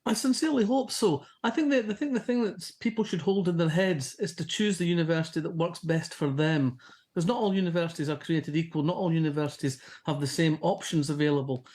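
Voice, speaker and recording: A woman from Scotland with a softened Fife accent, a novelist answering questions in a chatty, anecdotal way. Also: on the low side, fast. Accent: softened Fife Scottish. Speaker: novelist guest. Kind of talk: casual interview chat.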